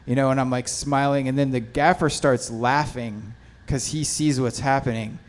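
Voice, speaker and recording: A man from a film lighting crew speaking on a festival panel, relaxed and halting, with many fillers. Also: medium pitch. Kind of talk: casual panel storytelling.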